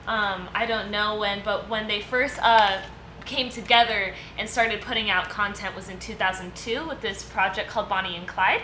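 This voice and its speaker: Bright-voiced chatty woman in an echoey room. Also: medium pitch. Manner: chatty and loose, hesitant with many fillers, laughs easily. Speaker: co-host presenting a segment. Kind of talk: casual podcast discussion. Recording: echoey room with steady background noise.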